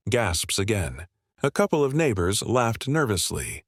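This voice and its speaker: A man narrating a dramatic story in an expressive, scripted style. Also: on the low side, a little slow, no room sound, studio quality.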